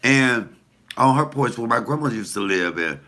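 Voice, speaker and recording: A man's voice: medium pitch, lively intonation, normal speed, bright, forceful tone. A comedian talking casually to the camera, blunt, profane and preachy as he tells stories and gives advice.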